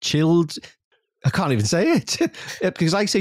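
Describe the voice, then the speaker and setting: Animated Yorkshire man chatting. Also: a little slow, dry recording, studio quality. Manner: animated storyteller, jumps into high mock voices. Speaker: guest. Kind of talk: casual podcast chat.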